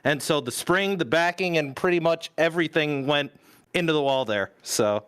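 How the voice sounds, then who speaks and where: A man's voice: fairly high pitch, moderate pace, a bit bright, clean tone. A man on a call casually explaining a hardware fix, laughing often. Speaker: league member on call. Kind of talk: casual chat.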